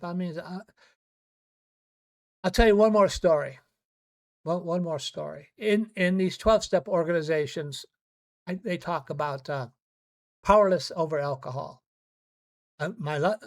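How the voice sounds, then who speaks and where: A man with a slightly high voice tells personal stories to his podcast listeners. He speaks earnestly and haltingly, stumbling and repeating words as he restarts his sentences. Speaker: podcast host. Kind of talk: personal storytelling monologue.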